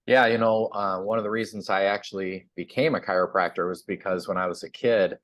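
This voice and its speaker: A man's voice: sits low, a little fast, no room sound. A man, a chiropractor guest on a sponsored TV segment, chatting casually and acting out the voices in his own story. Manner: animated storyteller, acts out quotes.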